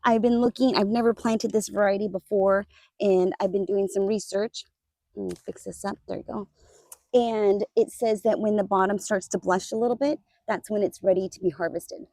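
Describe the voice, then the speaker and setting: A woman's voice: mid-range voice, steady tone, moderate pace, mellow, no room sound. Chatty woman vlogging on a garden tour. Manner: chatty, addresses viewers as "you guys", laughs easily. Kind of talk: casual garden tour vlog. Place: outdoors in a garden.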